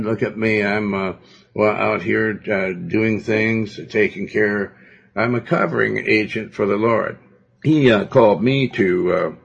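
A man's voice: on the low side, vocal fry, a bit bright, breathy edge, full character voice. A man voicing a vain, bragging male fallen angel who thinks he runs heaven. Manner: bragging, self-important. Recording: dull lo-fi recording.

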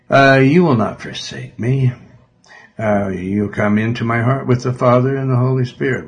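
A man's voice: medium pitch, breathy edge. A man, a pastor, leading a prayer and closing a radio sermon with fervent, earnest repetition.

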